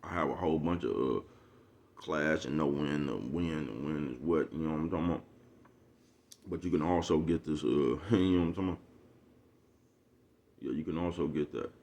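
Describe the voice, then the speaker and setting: A man's voice: a bass voice, normal speed, pauses often, a little mellow. A man ranting casually to his viewers in street slang, profane and preachy, forever asking if they know what he's talking about. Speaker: vlogger. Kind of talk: casual rant to the camera.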